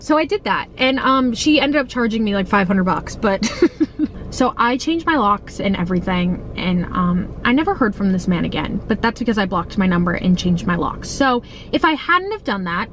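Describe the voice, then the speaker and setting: A woman's voice: medium pitch, lively intonation, normal speed, a little hiss or hum, low-quality recording. A young woman in her twenties chatting casually in a parked car, telling a story, swearing freely and acting out the quotes. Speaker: vlogger.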